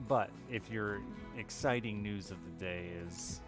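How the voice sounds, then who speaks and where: A man's voice: fairly low pitch, a little slow. A man streaming a game, chatting casually with wry, profane reactions. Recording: music playing behind the voice.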